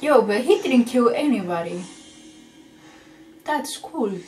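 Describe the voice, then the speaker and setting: A woman vlogger reacting to a TV episode, excitable and swearing as she shouts at the screen. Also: fairly high pitch, takes it slowly. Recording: echoey room with faint TV music.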